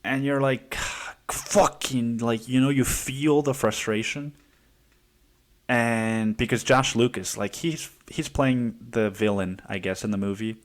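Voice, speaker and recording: A man hosting a podcast in a casual, rambling monologue full of curses, fillers and restarts. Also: medium pitch. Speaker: podcast host.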